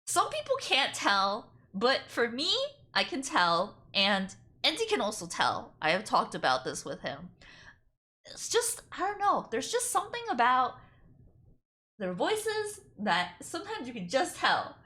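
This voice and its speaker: A woman streamer chatting casually while reacting to a video, animated and quick to laugh, with lots of filler words. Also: a little high. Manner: animated, giggly, breaks into laughter often; chatty, heavy use of 'like'. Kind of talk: casual livestream reaction chat.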